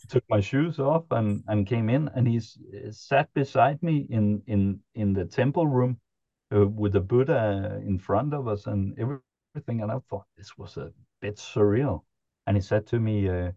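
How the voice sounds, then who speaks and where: Dark-voiced man telling a halting story. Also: lowish voice, dry recording, highs cut off. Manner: halting, chuckling anecdote telling with many restarts. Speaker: podcast guest. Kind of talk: casual storytelling.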